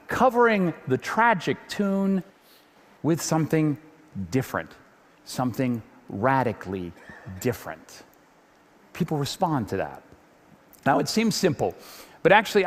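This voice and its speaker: A man giving a lively stage talk to an audience, animated, often repeating words as he builds up steam. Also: fairly high pitch, big-room sound. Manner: animated, repeats words when getting going.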